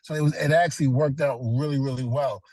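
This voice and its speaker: A man's voice: medium pitch, fairly even intonation, fast, warm tone, dry recording, low-quality recording. A middle-aged man, a retired pro wrestler, telling earnest stories as a guest in a casual interview, with many "you know"s.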